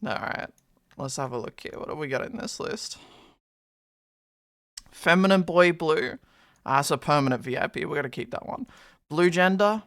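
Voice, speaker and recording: An unhurried live streamer chatting with viewers, calling out names one after another and swearing freely. The delivery is playful and mock-dramatic, hyping things up and then undercutting them. The sound is dry, with no room around it. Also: medium pitch, fairly bright tone, no echo. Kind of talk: casual live-stream chat.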